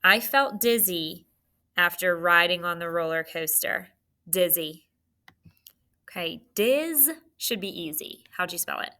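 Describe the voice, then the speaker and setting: Slow, bright-voiced woman teaching spelling. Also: lowish voice. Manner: patient, clear, enunciates words slowly. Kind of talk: spelling lesson for children.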